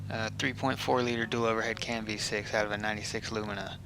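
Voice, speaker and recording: A man narrating a scripted car comparison voice-over in a flat, self-described monotone with dry humor. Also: fairly low pitch, vocal fry, a little hiss or hum. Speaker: car video host.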